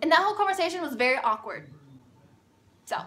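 A woman with a high, bright voice telling a storytime vlog. She chats and rambles along, piling on filler words as she goes. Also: very animated, quick pace. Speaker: vlogger.

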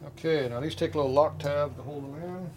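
A motorcycle mechanic with a slightly high voice talks fast, offering casual, blunt commentary and muttering to himself as he works. The recording comes from a noisy repair shop full of clanking tools.

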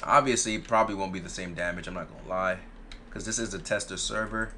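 Bright-voiced young man trash-talking gameplay. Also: low-pitched, fast, a little hiss or hum. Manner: playful trash talk with heavy slang, repeating phrases. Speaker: gaming YouTuber. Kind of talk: casual gameplay commentary.

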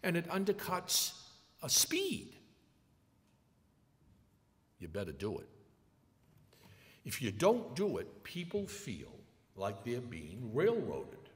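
An older male lecturer tells stories with emphasis, his pitch swinging widely and his pace slow and deliberate. The sound is echoey, with a long hall reverb. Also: huge pitch swings. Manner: emphatic storytelling with acted quotes. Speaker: lecturer, attorney. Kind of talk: public lecture.

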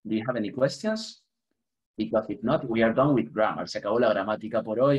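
A man's voice: lowish voice, lively intonation, quick pace, breathy edge, poor audio. A man from Spain, a native Spanish speaker with a Spanish accent, teaching an online English class, mixing both languages and chuckling now and then. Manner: switches between English and Spanish, chuckles often, light humor.

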